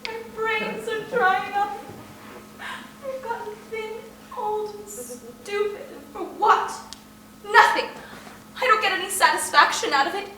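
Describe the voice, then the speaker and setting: A woman's voice: extremely high pitch, steady tone, measured pace, sharp tone, a little hiss or hum, full character voice. A young actress in her twenties playing a despairing, overwrought young woman in a live stage play, heard from afar. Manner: emotional, pleading, breaking into outbursts. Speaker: stage actor. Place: theatre stage. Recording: roomy stage sound from far off.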